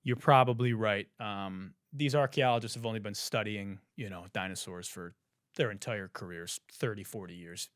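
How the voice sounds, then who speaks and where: A young man hosting a podcast in casual, profane chat, telling stories animatedly and swinging between hushed and loud. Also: lowish voice, moderate pace, no echo, studio quality. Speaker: podcast host.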